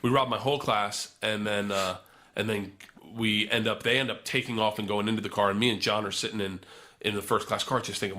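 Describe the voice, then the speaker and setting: Young guy telling a crazy story on a podcast, swears a lot, does the voices, bright punchy tone. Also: fairly low pitch, a little fast. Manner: animated, profane storyteller who acts out voices. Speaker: podcast guest. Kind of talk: storytelling in casual chat.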